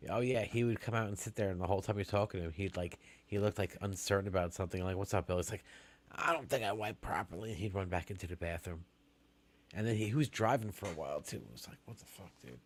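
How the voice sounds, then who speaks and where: A man co-hosting a podcast, joking crudely and swearing in casual chat. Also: quick pace. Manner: joking, swears, goes up into a silly high voice for emphasis. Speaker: podcast co-host.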